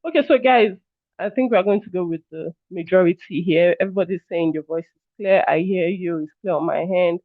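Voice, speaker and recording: High-voiced man teaching over a tinny call. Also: fairly quick, no echo. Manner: chatty, repeatedly addresses listeners as "guys"; apologetic, checks on the audience. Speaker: workshop trainer. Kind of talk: live online training session. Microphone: video call. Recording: tinny phone-like online call audio.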